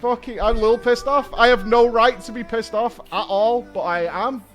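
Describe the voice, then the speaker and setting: A man's voice: very high-pitched, fairly even intonation, moderate pace, faint music behind. A man streaming casually, ranting and swearing with sardonic humor and laughing at himself.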